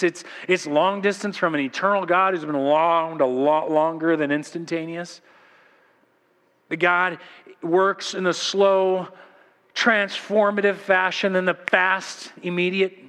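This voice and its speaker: A man's voice: high voice, big-room sound. A man preaching a sermon as pastor, telling stories animatedly and acting out voices. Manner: animated storytelling, acts out voices. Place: church sanctuary.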